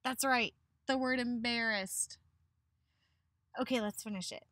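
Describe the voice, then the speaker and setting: A woman's voice: fairly high pitch, a little slow, long pauses, pushed and bright, no echo. A woman teacher giving a picture-book read-aloud lesson to children, encouraging them and asking questions that she answers herself.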